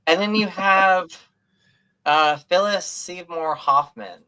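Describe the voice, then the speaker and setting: A man co-hosting a podcast, chatting casually about movies in an animated, gushing way with lots of fillers. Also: sits high, slow pace, crowd noise. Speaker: podcast co-host.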